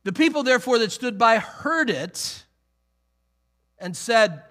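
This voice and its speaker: A male preacher with a high, bright, ringing voice works through scripture in a loose, conversational way. He is animated and emphatic and slips into quoted voices as he explains. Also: measured pace. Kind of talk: conversational Bible teaching sermon.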